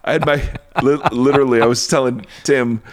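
A man's voice: mid-range voice, steady tone, fairly quick. A man co-hosting a podcast in casual chat, playful and self-deprecating, rambling and worn out after a booster shot. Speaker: podcast co-host.

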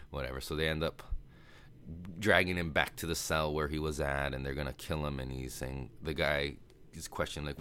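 A man's voice: extremely low pitch, fairly even intonation, fairly bright tone. A man hosting a podcast, casually retelling a movie plot in a rambling way with fillers and swearing, sometimes acting out the characters' lines. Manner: acts out characters' lines in quick voices. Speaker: podcast host.

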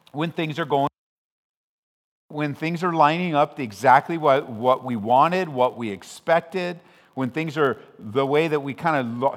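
A man from Southern California preaching a sermon as pastor, conversational with frequent restarts, swelling loud when he quotes scripture. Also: on the high side. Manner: conversational and self-interrupting, with restarts. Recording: long hall reverb.

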